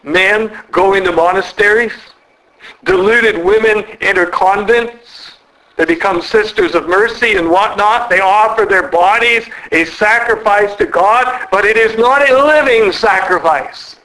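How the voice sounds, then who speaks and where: A man preaching an earnest sermon in a church, slowing and dropping his voice to stress key words. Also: high-pitched, sharp tone, low-quality recording. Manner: earnest, slows and drops for emphasis.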